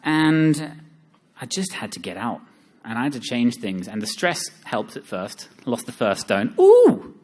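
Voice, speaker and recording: A young man speaking at a live seminar, joking and self-deprecating, with lively asides to the audience. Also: mid-range voice, a little slow.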